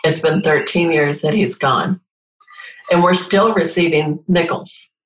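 A woman's voice: low-pitched, unhurried, reverberant, poor audio. A middle-aged woman telling personal stories in a casual conversation, earnestly acting out the dialogue. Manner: earnest storytelling, acts out quoted dialogue. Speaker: guest sharing personal stories.

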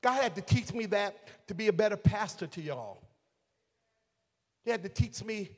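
A man a sermon as pastor, moving from quiet, reflective storytelling to shouted, sing-song calls to his congregation. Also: sits high. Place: large church sanctuary. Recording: long hall reverb.

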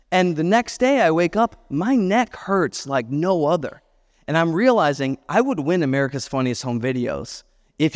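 A man in his thirties, a pastor preaching a sermon and telling a self-deprecating personal story with chatty asides. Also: on the high side. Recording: long hall reverb.

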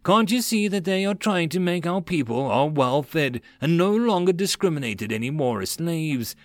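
A man's voice: fairly high pitch, expressive, moderate pace, no room sound, pitched above the performer's own voice, lightly acted. Man voicing an earnest loyal ex-slave.

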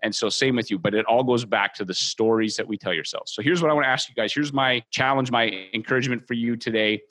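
A man talks at a brisk clip, earnest and encouraging as a training host. He speaks straight to his listeners. His voice sits at a middle pitch. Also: fairly bright tone. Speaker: host and mortgage brokerage trainer. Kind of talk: motivational training talk.

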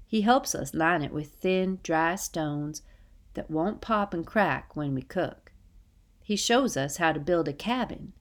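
Female audiobook narrator, first-person storytelling, steady folksy read, slightly low voice. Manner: steady, unhurried reading with folksy dialect.

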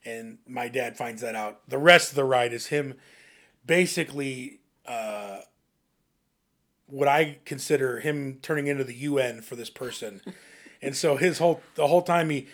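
Laughing young man telling stories. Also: medium pitch. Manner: laughing, animated anecdotes with quoted voices. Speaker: podcast co-host. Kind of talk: casual chat, storytelling.

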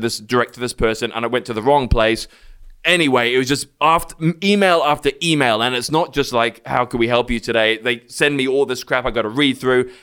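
A man telling a long, animated, sweary rant in casual podcast chat. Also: medium pitch, clear, resonant tone. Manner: animated ranting storyteller, swears a lot.

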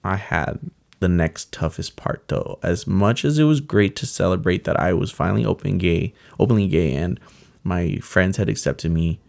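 A young man telling a personal story in casual talk, earnest and halting, with many fillers. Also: deep voice, lively intonation, creaky, a little mellow. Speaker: guest telling his story.

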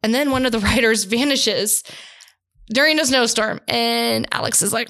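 Woman podcast host, casual, playful and giggly, slightly high voice. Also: expressive, fairly quick, a bit bright. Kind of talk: casual chat.

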